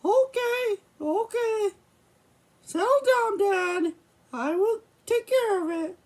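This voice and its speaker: A woman's voice: very high-pitched, slow, a little mellow, heavily acted. A young woman voicing a sheepish puppet son who stammers and hesitates in a homemade puppet show. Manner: hesitant, stumbling with fillers. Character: hesitant grown son of the mouse dad, sheepish.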